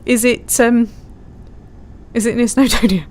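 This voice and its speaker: A female streamer chats casually while flying a simulator, giggling often and reading viewers' messages aloud in live-stream commentary. Her voice is on the high side and darkish, with fairly even intonation and a slightly slow pace, over slight background noise.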